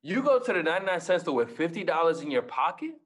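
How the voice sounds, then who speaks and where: A man's voice: fairly high pitch, sing-song, fast, fairly bright tone, breathy edge. A young man giving a motivational talk as a guest speaker, telling stories, acting out dialogue and repeating key lines for emphasis.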